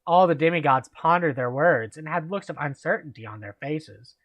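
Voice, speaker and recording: Man reading a fan story aloud, lively pitch. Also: moderate pace, few pauses. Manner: amused, laughing reader. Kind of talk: reading aloud and casual chat.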